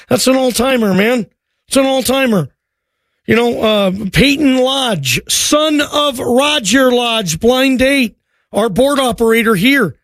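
A man's voice: high-pitched, fairly bright tone, no room sound, studio quality. A man hosting a sports call-in radio show, chatting in a friendly, conversational way with callers.

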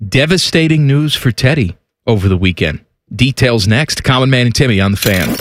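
A man with a voice of middle pitch, co-hosting sports radio and firing off dry one-liners between his partner's stories. He keeps it casual, chiming in quickly. His tone is plain and unforced. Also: lively intonation, a little hiss or hum. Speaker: radio co-host.

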